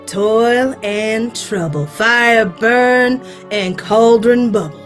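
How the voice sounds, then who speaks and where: A woman with a Southern US accent playing a giggling old witch, reciting spell ingredients slowly with laughter in an amateur stage-play reading. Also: a little high, faint music behind. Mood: chanting. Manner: slow, laughing recitation with stumbles.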